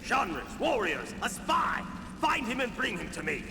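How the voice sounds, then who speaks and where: An actor playing a scheming, commanding dark elf villain in a game cutscene, with menacing delivery. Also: male voice, sits high, wildly swooping pitch, unhurried, over music, full character voice. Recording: game cutscene with ambient noise.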